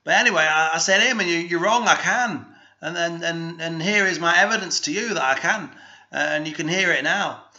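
A man with a put-on Northern English accent hosts a halting, rambling comic monologue, his somewhat high voice very bright and sharp. He stumbles through fillers and restarts with a deadpan, mock-serious air. The sound is a slightly dull, lo-fi home recording. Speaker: comic DJ host.

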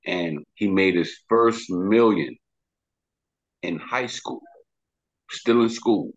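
A Bronx rapper with a New York accent talks through an interview in a loose, slangy, emphatic ramble. His voice sits low and husky. The sound is dull and lo-fi. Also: takes it slowly. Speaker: rapper guest. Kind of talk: casual interview talk.

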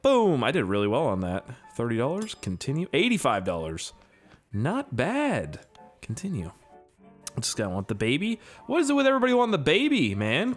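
A young man giving casual, profane gameplay commentary, jokey and quick to get excited. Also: medium pitch. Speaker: gaming YouTuber.

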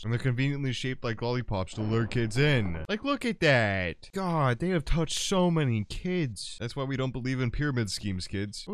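A young man giving crude, joking running commentary while playing a game, with sudden loud outbursts. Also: mid-range voice, no room sound. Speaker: gaming YouTuber. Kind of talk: casual gameplay commentary.

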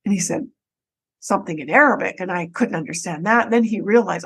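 A woman guest on a podcast, telling a personal story in an animated way, with frequent restarts and repeated words. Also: medium pitch, fairly quick, slightly rough, poor audio. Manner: animated, breaks into her own quoted speech.

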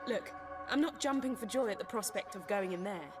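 A woman's voice: medium pitch, animated, fairly quick, natural voice. A woman playing a chatty, upbeat female sidekick in a video game, talking casually with slang. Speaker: game companion character. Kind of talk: game voice acting. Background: game music.

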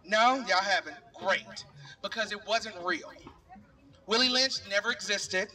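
Speaking in an unhurried, high-pitched voice that sounds pushed and bright, a middle-aged man gives a heartfelt outdoor rally speech. He talks to the crowd casually and sincerely, using "y'all," and the mic catches him from far off.

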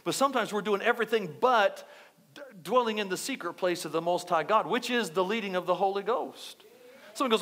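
A male pastor delivering an animated sermon in church, repeating phrases and checking in with the congregation. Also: high-pitched, fairly quick. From United States. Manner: animated, repetitive preaching with asides to the congregation.

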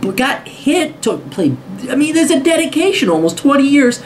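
Male host, blunt profane advice rant, animated pitch, light background noise. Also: normal speed. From United States. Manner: blunt, heavy swearing, emphatic repetition. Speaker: host answering a viewer question.

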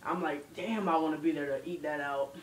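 A man's voice: on the high side, fairly quick, a little hiss or hum. A groggy young man, loopy after dental anesthesia, rambling and giggling through a slurred story. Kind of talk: casual home video rambling. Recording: echoey room, far from the mic.

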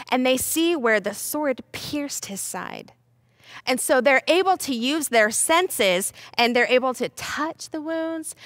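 Young woman telling a bible story to kids, bright high voice, super playful, dry no-echo sound. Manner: playful, animated, talks straight to kids. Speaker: kids church teacher. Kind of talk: children's Bible lesson storytelling.

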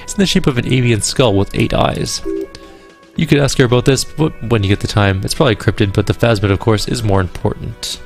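A man hosting a let's play, reading game dialogue aloud in a casual, quick way with dry asides, with faint game music behind him. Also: medium pitch, gravelly.

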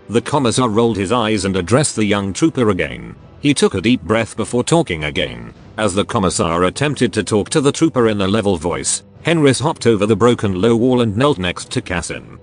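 Low synthetic male narrator. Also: fairly quick, few pauses, soft background music. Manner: flat synthetic reading. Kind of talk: scripted narration.

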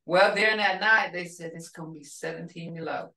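An older woman teaching a language class, telling a family story in a rambling, warm-hearted way with restarts. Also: fairly low pitch, brisk, distant mic. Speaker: language instructor. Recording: roomy sound from off the mic.

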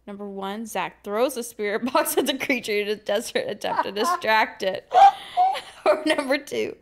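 A woman's voice: mid-range voice, lively intonation, moderate pace, a bit bright, a little hiss or hum. A woman podcast co-host reading an interactive horror story aloud, dramatic and amused, breaking into chat with her co-host.

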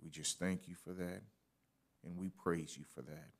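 A man leading a slow, earnest spoken prayer during a church service. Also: low voice, steady tone.

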